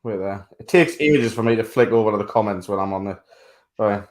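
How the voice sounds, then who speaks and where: A man co-hosting a casual sports podcast, talking bluntly, swearing freely and laughing loudly. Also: fairly low pitch, fairly quick. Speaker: podcast co-host.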